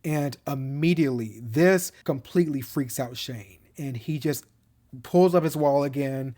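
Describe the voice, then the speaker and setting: A man's voice: medium pitch, measured pace, warm tone. A man giving a casual, rambling recap of a TV show, full of "like" fillers and fond enthusiasm. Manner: chatty and rambling, many "like" fillers and restarts. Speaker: TV show reviewer.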